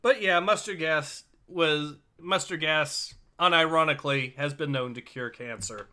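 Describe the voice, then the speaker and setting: Bright-voiced man hosting a story reading. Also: fairly high pitch, unhurried. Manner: steady, introduces each story, dry remarks. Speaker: livestream host and story reader. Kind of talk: casual chat and reading stories aloud.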